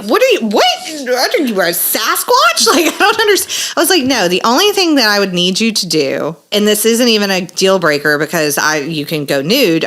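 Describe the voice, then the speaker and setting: A chatty woman tells stories on a casual podcast, laughing often and sounding slightly congested. Her voice sits on the lower side and carries a bright, forceful edge. She talks in an animated, storytelling way. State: sinus congestion. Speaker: podcast co-host, massage therapist. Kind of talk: casual chat.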